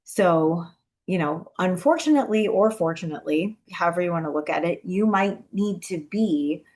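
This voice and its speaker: A woman presenting a talk on brain health to caregivers, speaking casually with lots of "you know" and "um", gentle and encouraging. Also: lowish voice, lively intonation, moderate pace.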